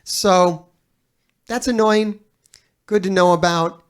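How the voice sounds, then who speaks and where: A man's voice: high-pitched, fairly even intonation, takes it slowly, clean tone. A man giving casual reaction commentary as a streamer, telling a rambling story full of swearing.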